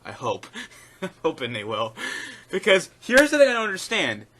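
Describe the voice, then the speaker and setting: A man's voice: high voice, wildly swooping pitch, moderate pace, bright, forceful tone. A man giving casual, rambling commentary in a video, airing strong opinions with frequent fillers. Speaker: YouTube commentator.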